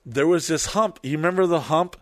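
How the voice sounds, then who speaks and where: A man spins a rambling, swear-filled story in casual chat. He gets loud and lively at the big moments. The sound is dry and close. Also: a little high, fairly quick, dry recording. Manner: animated, profane, rambling storytelling.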